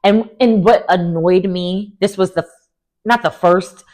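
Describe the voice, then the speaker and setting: Speaking a little slowly in a voice on the low side, a woman recaps reality TV with plenty of sass and firm opinions. She keeps it casual and animated, frequently putting on mocking voices to deliver quotes.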